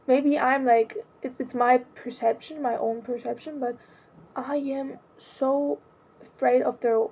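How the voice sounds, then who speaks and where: A young adult woman talking about her own life in a hesitant, halting way, often restarting her sentences. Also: on the high side, steady tone, vocal fry, warm tone, breathy edge. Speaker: vlogger. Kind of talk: personal confessional monologue.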